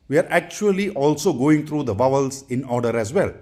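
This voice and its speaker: A man teaching English pronunciation, saying each practice word twice in a deliberate, instructional way. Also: fairly high pitch, animated, darkish tone. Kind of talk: slow instructional drilling.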